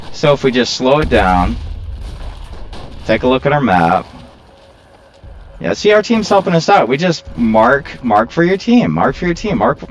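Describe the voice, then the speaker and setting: Rambling man with a lively, animated voice. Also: medium pitch, slight background noise. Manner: rambling, self-mocking, prone to complaining. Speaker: gaming video creator. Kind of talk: casual gameplay commentary.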